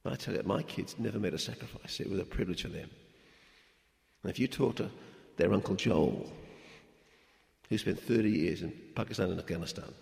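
A middle-aged male missionary preaching with a gravelly, fry-edged voice. He talks in a conversational, animated way and often restarts his sentences. His words ring out in a reverberant church hall. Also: sits low, brisk, pauses often. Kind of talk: sermon. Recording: echoey hall with long reverb.

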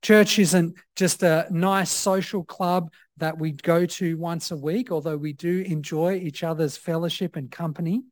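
A man preaching a sermon as pastor, measured and reflective, with frequent "uh" fillers. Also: fairly high pitch, steady tone, no echo, studio quality.

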